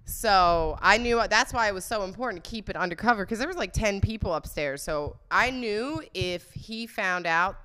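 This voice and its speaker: A young woman hosts a casual podcast, chatting candidly and laughing often. Her voice is smooth and clear, and it bounces around a lot in pitch as she goes. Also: expressive, normal speed, hardly any pauses, sharp tone. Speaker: podcast host. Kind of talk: casual confessional storytelling.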